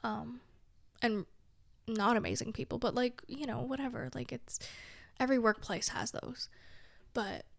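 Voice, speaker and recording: A young woman with a somewhat high, creaky voice speaks at a measured pace with fairly even intonation and long pauses, in studio-quality audio free of room sound. Chatting casually in a confessional vlog, she rambles, relies on "like," trails off and makes wry jokes about herself.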